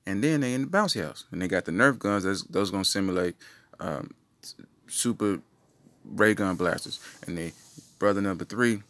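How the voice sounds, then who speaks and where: Man, podcast host, comedic rambling, low voice, animated, dry close sound. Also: normal speed, dry recording. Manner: rambling, playful riffing.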